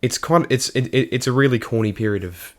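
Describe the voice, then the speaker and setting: A young man co-hosting a casual podcast chat, cracking dry, deadpan jokes. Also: medium pitch, a little fast. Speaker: podcast co-host.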